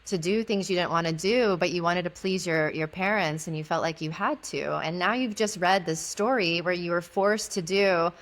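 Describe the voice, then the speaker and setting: A woman's voice: lowish voice, normal speed, hardly any pauses. A woman guest, an intimacy educator, telling a story in conversation and acting out the dialogue in it. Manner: animated, acts out quoted dialogue.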